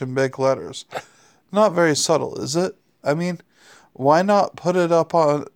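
A man's voice: on the high side, clean tone. A man voicing a laid-back male demon who talks in a wry, sarcastic way.

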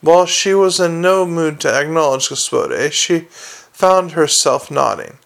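A man reads a novel aloud in a wry, steady way, stumbling now and then. His voice sits a little high with plenty of gravelly fry. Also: measured pace. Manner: wry, steady reading with small slips. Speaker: audiobook narrator.

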